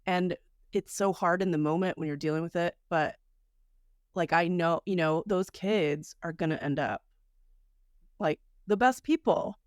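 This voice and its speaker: A woman's voice: fairly low pitch, unhurried, darkish tone, dry recording, studio quality. A woman co-hosting a podcast in casual chat, reflective and chatty, laughing often. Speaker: podcast co-host.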